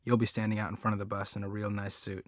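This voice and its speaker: A man's voice: fairly low pitch, monotone, fast talker, no room sound, natural voice. A man reading the part of a menacing ex-convict preacher father in an audiobook, with a sly, commanding drawl. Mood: scheming.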